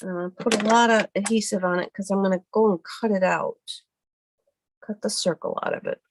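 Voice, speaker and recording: A woman hosting a live card-making tutorial from her home craft desk, chatty and rambling as she thinks aloud, her voice a little hoarse from a cough. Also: medium pitch, fairly even intonation, fairly quick, a little hiss or hum. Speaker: card-making livestream host. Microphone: computer webcam mic at her desk.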